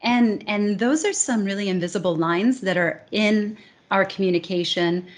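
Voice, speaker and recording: A woman's voice: medium pitch, moderate pace. An American woman, a speech coach and academy founder, talking earnestly in an interview and stacking her points in lists. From United States. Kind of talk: conversational interview.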